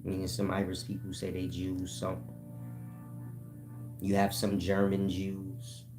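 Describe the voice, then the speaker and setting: Man, lowish voice, casual profane explainer with faint music under it. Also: completely flat delivery, slow. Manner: profane, keeps asking "you get my point?"; addresses listeners as "y'all". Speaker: channel host.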